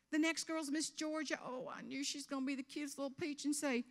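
A woman in her fifties from South Carolina with a Southern US accent, giving a humorous keynote speech on stage with animated storytelling. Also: high-pitched, fairly quick, few pauses, long reverb tail. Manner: animated storytelling with character voices. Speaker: motivational speaker. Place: event stage before an audience.

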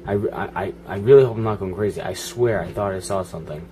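A man's voice: low voice, fast, mellow, a little hiss or hum. A man giving casual, profane running commentary while playing a video game, grumbling and joking at it. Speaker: gaming channel host.

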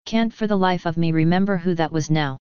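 A bashful young unicorn mare from a storybook, hesitant and stammering, as a woman reads her part. The voice is low and very smooth. The recording sounds dry and a little muffled. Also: brisk, darkish tone, no echo, close to an everyday voice. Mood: sheepish. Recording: dull lo-fi recording.

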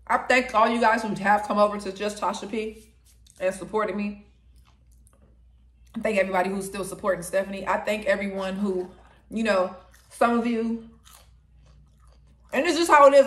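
Between mouthfuls, a young woman chats through her mukbang food review, humming as she samples each dish. She speaks briskly in a mid-range, somewhat bright voice with frequent pauses, and the room gives off an echo.

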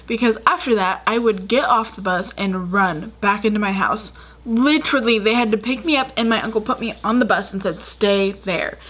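A young woman in her twenties chats to her camera, rambling through childhood stories. Her voice sits at an ordinary middle pitch, and her talk is loose and full of "like" and "um". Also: normal speed, a bit bright, breathy edge. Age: 20s. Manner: chatty, rambling, lots of "like" and "um". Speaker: vlogger. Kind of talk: casual storytelling to camera.

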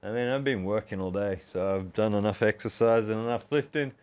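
Fairly low and a little mellow, this man's voice moves at a slightly quick clip. He's an Australian in his forties streaming a workout, bantering and joking at his own expense while counting push-ups and addressing his audience as "folks" again and again.

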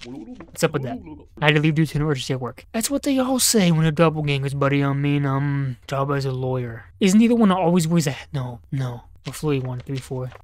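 A young gaming YouTuber talks over his gameplay in a slightly high, animated voice that's a bit fast and a little mellow. He jokes, answers back to the characters on screen, and mutters notes and numbers to himself under his breath.

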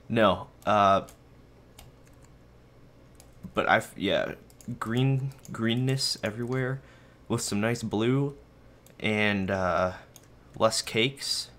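A young man records casual gameplay commentary from his bedroom in a slightly low, fairly bright voice. He rambles easily and teases himself, a bit out of breath, addressing his viewers and his dog as he plays.

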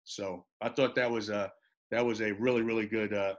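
A man's voice: on the low side, normal speed. Man telling a coaching story. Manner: animated storyteller, repeats words, acts out both sides of phone calls. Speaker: guest college assistant basketball coach.

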